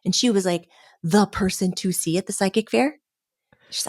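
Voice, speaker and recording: A woman's voice: medium pitch, moderate pace, no room sound, clean studio sound. A middle-aged woman guest telling a story in casual chat, laughing often and acting out the people she quotes. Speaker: podcast guest, medium.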